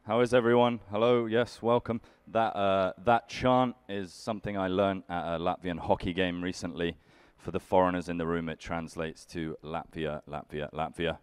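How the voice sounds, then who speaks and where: Low smooth british comedian guy doing a dry deadpan stand-up set on a stage, mocks himself a lot. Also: normal speed, hardly any pauses, no echo. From United Kingdom. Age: young adult. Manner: dry, self-deprecating, deadpan asides. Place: conference stage before a live audience.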